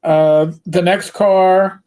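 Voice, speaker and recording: A man's voice: high voice, steady tone, drawn-out words, warm tone. An older man hosting a live stream, telling joking, profane stories in easy conversation. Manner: joking and profane, tells stories with lots of restarts. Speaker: show host. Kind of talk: casual live-stream chat.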